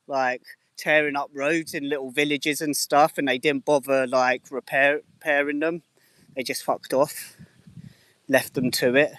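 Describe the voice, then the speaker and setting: A man's voice: a little high, a bit bright, dry recording. A man in his thirties from England with a slightly mixed English accent, chatting casually to viewers on a live stream and swearing freely. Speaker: livestreamer.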